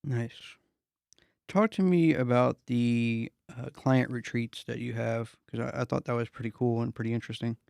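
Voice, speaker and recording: Gravelly guy from the east coast hosting a podcast, flat delivery, rambles with lots of "like". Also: mid-range voice, normal speed, dry recording, studio quality. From East Coast of the USA. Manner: laid-back, rambling, full of "like" and "you know". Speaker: podcast host. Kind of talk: casual interview talk.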